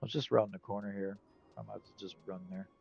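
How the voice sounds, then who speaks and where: A man casually narrating his gameplay in a relaxed, rambling way, tired and with a stuffy nose. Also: on the low side, fast, gravelly. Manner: relaxed, rambling, talks to himself. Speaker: game streamer. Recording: dull lo-fi audio, faint game music.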